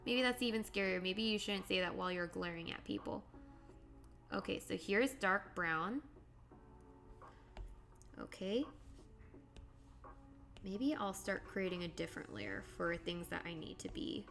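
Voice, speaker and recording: A woman's voice: mid-range voice, expressive, measured pace, vocal fry, pauses often, fairly bright tone, faint music behind. A young woman live-streaming as she draws, chatting casually with viewers, giggling and thinking aloud. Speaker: livestreamer. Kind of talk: casual live-stream chat while drawing.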